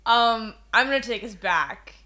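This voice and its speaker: A woman's voice: a little high, expressive, measured pace, pushed and bright. A young woman co-hosting a podcast, chatting casually and teasing her friend, laughing often. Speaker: podcast co-host. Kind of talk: casual chat.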